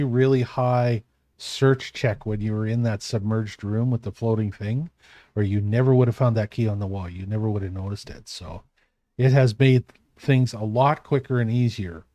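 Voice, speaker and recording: A man's voice: medium pitch, moderate pace, warm tone, no room sound. A man running a tabletop game as game master, narrating in a meandering, self-correcting way.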